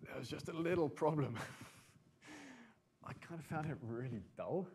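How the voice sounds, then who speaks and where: A man's voice: on the high side, sing-song, measured pace, a little mellow, breathy edge. Chatty male conference speaker, middle-aged. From Britain and France. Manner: chatty, asks the audience questions, dry humor. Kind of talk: conference talk to a live audience. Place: conference hall.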